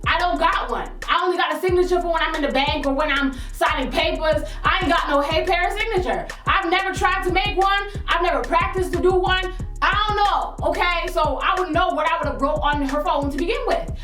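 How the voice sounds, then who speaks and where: A young woman spins a storytime for her viewers, sassy and animated, jumping into high exclaiming bursts when she quotes people. Her voice sits high and sounds a little distant, bouncing around an echoey room. Soft music plays underneath. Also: a little fast. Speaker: vlogger telling a story. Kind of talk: storytime vlog, casual chat.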